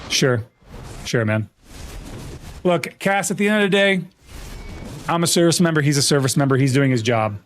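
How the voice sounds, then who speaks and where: Animated profane American guy streaming. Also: a little high, fairly quick, slight background noise. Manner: rambling, profane, animated storytelling. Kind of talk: casual gaming livestream chat.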